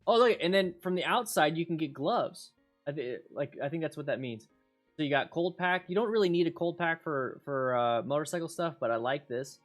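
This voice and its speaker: A man hosting a casual livestream chat with viewers, excitable and rambling, repeating himself with bursts of hype. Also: a little high, fairly quick, faint music behind. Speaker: motorcycle riding instructor and channel host.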